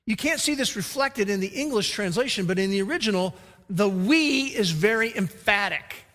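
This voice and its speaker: Man, pastor, emphatic sermon, high voice, long reverb in a church hall. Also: fairly quick, pushed and bright. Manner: emphatic preaching, acting out quoted lines.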